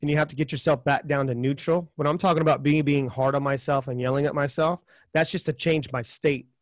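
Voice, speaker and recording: Blunt-talking podcast host, dry sound. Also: male voice, a little high, steady tone, fairly quick, dry recording. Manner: blunt and frank, with occasional swearing. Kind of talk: casual interview chat.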